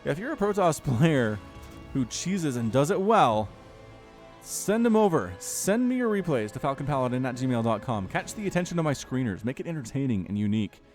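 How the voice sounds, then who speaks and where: A man's voice: medium pitch, normal speed, faint music behind. A man commentating a strategy game replay in a chatty way, talking straight to his viewers. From United States. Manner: animated, chatty, addresses viewers directly. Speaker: esports caster.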